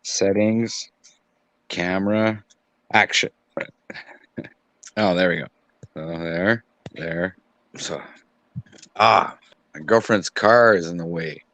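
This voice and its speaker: A man's voice: sits low, slow, long pauses, a bit bright, no echo, low-quality recording. A man with a Quebec French accent chatting casually on a video call, easygoing and chuckling. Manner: easygoing, chuckling, switches between English and French. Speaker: guest on the show.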